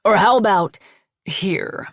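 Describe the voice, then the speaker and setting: A woman voicing a defiant, quick-tempered man who blusters and threatens. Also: mid-range voice, no echo, clean studio sound. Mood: menacing.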